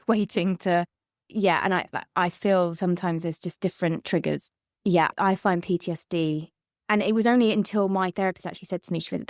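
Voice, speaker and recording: A woman hosting a podcast in a candid conversation, open and chatty, laughing easily with quick asides. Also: fairly low pitch, no echo, clean studio sound. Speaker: podcast host.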